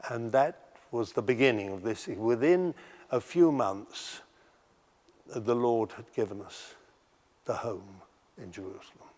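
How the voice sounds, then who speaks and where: An older man telling stories from his life in a documentary interview, halting and often restarting his sentences. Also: medium pitch, animated, a little mellow, big-room sound. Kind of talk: recounting memories in a documentary interview.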